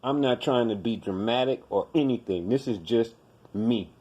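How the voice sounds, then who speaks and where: A man's voice: medium pitch, normal speed, warm tone, muffled recording. Scolding, profane man ranting on a podcast. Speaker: podcast host. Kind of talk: profane commentary rant.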